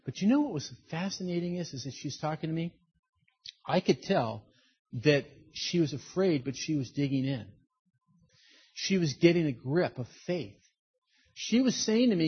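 A man pastor preaching a sermon in a conversational, emphatic way, dropping low and quiet for serious points, on a dull lo-fi recording. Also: lively intonation, moderate pace, slightly rough.

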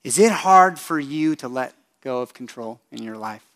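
A male pastor delivers a sermon in an expressive, medium-pitched voice, putting direct questions to the congregation. He swings between hushed, slow lines and loud, emphatic ones.

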